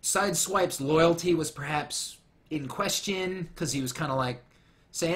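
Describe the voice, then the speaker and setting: Lively, bright-voiced rambling male commentator. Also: a little high, a little slow. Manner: rambling, jokey, goes off on tangents. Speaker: commentary host.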